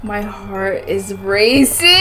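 A young woman commentating a horror game, her high voice swinging widely as she exclaims, curses and giggles nervously. She talks at an unhurried pace, and music plays behind her. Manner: jumpy, exclaims and swears often, nervous giggling. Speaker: gaming video host.

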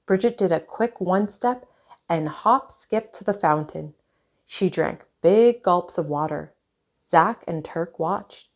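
A woman reading a children's picture book aloud, clear and expressive. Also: fairly low pitch, slow pace. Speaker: storyteller.

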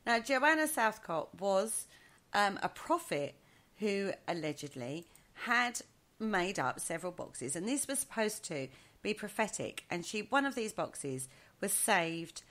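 A woman co-hosting a casual chat show, animated and quick to laugh, leading the discussion. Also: medium pitch. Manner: animated, laughs often, leads the topic. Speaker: podcast co-host.

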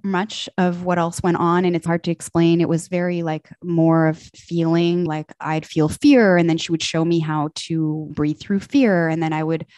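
A young woman recounts a personal experience in relaxed conversation, her voice sitting a little low. She is animated and slips into quoted voices as she tells it. The recording is dry and close, with no room sound. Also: normal speed, hardly any pauses, dry recording. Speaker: podcast guest. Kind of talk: casual storytelling chat.

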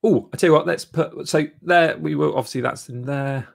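A man's voice: fairly high pitch, moderate pace, creaky. Rambling man coaching live. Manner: rambling, filler-heavy, encouraging. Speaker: YouTube channel coach and host. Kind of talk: live-stream channel review.

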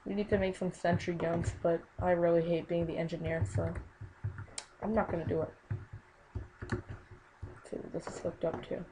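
A woman's voice: on the low side, level tone, moderate pace, pauses often, background noise. A young woman casually commenting on her own gameplay, exclaiming often and muttering under her breath.

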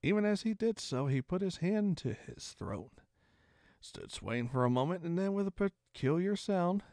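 Gravelly, expressive male storyteller. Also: high voice, normal speed, no room sound, clean studio sound. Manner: expressive first-person narration. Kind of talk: reading a classic novel aloud.

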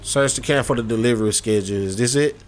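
A man's voice: mid-range voice, fast talker, soft background music. A man casually commentating his gameplay, rambling and speaking straight to his viewers. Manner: rambling, many fillers and restarts, addresses viewers directly. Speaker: gaming YouTuber.

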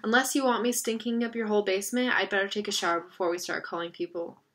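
A worried teenage boy who mumbles in a subdued way, as a woman reading a novel puts him on. The tone stays bright and clear. It sits close to the reader's own voice in a storybook reading. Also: medium pitch, quick pace, natural voice. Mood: glum.

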